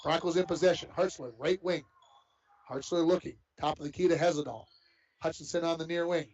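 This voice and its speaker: A man's voice: fairly high pitch, steady tone, brisk, darkish tone. A man giving live play-by-play commentary on a basketball game, folksy and chatty between plays, on dull lo-fi broadcast audio. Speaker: play-by-play announcer.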